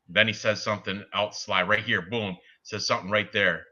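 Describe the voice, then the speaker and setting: A man co-hosting a casual sports betting chat, talking excitably and laughing at his own jokes. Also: fairly low pitch, normal speed, hardly any pauses, highs cut off. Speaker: podcast co-host.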